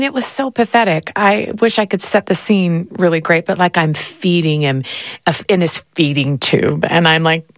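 A woman's voice: fairly low pitch, no room sound. A woman hosting a casual podcast conversation, telling stories with lots of laughter and acted-out quotes. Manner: animated storyteller, laughs often, acts out quotes. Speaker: podcast host.

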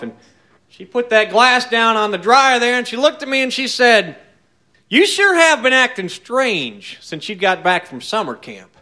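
A man telling a tall tale in a folksy, wry, drawn-out way. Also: a little high, pushed and bright. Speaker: storyteller.

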